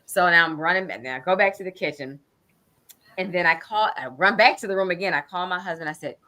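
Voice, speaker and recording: A woman's voice: lowish voice, expressive, fast, bright, forceful tone. A middle-aged woman casually telling an anecdote, animatedly acting out her own quoted thoughts. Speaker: guest storyteller.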